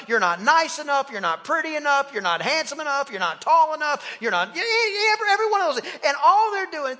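A man's voice: very high voice, pushed and bright. A male pastor preaching an impassioned sermon, repeating phrases and calling for responses from the congregation. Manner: impassioned, with repetition and call-and-response. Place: church sanctuary. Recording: long reverb of a church hall.

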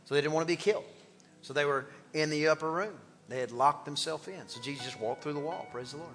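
A man preaching an animated, exclamatory sermon as pastor of a church. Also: on the high side, fast talker, long reverb tail, soft background music.

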